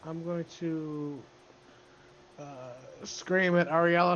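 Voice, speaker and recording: A man playing a tabletop game casually, talking slowly and swearing freely. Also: a little high, fairly even intonation, slight background noise. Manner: slow, drawn-out, swears freely. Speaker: player. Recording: dull lo-fi stream audio with faint music.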